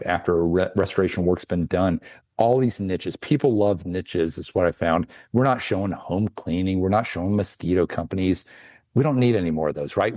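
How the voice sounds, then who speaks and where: A man talking as a franchise consultant guest on a podcast, giving measured advice. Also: sits low, darkish tone, no echo. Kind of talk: podcast interview.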